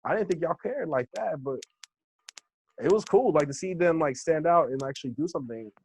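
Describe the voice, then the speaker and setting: Animated American man telling stories. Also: on the high side, brisk, slight background noise. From Los Angeles. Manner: animated storyteller who acts out quoted voices, laughs often. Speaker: interview guest, hip hop instructor. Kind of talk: casual interview storytelling.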